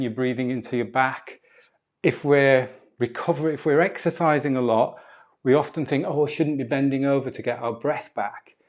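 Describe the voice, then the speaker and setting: Calm man guiding a breathwork class. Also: mid-range voice. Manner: calm, guiding cues with drawn-out repetitions. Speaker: qigong and breathwork instructor. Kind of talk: live online movement class instruction. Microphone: video call.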